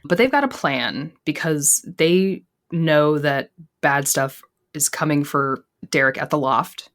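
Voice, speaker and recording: An American woman co-hosting a podcast, chatting casually with animated, sarcastic asides as she recaps a TV episode. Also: low-pitched, takes it slowly. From United States. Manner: animated, sarcastic asides, jumps between topics. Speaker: podcast co-host.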